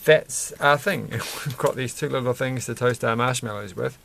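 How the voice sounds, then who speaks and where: Aussie guy chatting while he builds, bit of vocal fry, faint hiss behind, keeps chuckling and trailing off. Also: mid-range voice, steady tone, normal speed, fairly bright tone. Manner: rambling, self-interrupting, chuckles often. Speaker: vlogger building Lego sets. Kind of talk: casual chat while building.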